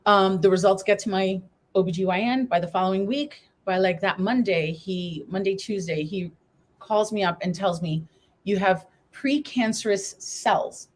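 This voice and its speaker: A woman's voice: medium pitch, normal speed. A woman guest in a live interview, telling a personal story in an earnest, candid way and acting out past conversations. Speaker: guest, breast cancer survivor and coach.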